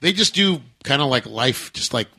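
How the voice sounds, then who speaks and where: A man hosting a podcast in casual chat, chatty and animated, with frequent halting restarts. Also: mid-range voice, husky. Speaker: podcast host.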